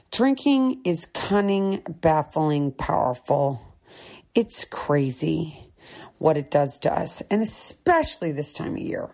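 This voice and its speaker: Speaking slowly with a deep, darkish voice and lively intonation, a middle-aged woman hosts a sobriety talk. Her monologue is candid, earnest and encouraging, and she repeats her points.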